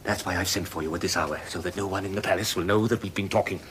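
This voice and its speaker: An actor playing an aging Roman emperor, an anxious father who speaks in a measured, earnest way. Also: low-pitched, steady tone, noisy background, close to an everyday voice. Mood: urgent. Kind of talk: television period drama acting.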